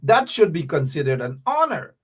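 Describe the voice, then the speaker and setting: Husky, lively man hosting a show. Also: a little high, normal speed. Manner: animated, teasing, talks straight to viewers. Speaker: talk show host. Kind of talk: livestream talk show commentary.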